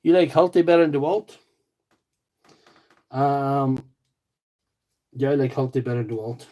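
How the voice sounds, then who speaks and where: Working on a tool repair livestream, a man from County Tyrone in Northern Ireland jokes around, replies to viewers' comments, and wanders into chatty asides. He has a mellow, medium-pitched voice and an unhurried delivery, though the recording is rough.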